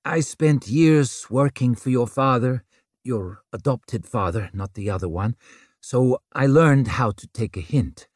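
A man's voice: medium pitch, lively intonation, measured pace, a little mellow, no room sound, clean studio sound. A man voicing a weary, blunt woman inquisitor. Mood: bitter. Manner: blunt, gruff, bitter. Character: tired, hard-bitten woman inquisitor.

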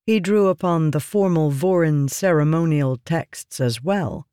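A man narrating a fantasy audiobook in a measured, even reading, close to the mic. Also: a little high, clean tone, dry recording.

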